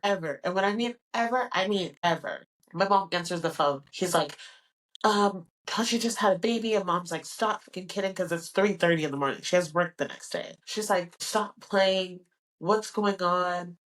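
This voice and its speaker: A young woman in her twenties hosting a podcast, telling a personal story in a candid, animated way and acting out the dialogue. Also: fairly low pitch, distant mic, rough recording. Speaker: podcast host.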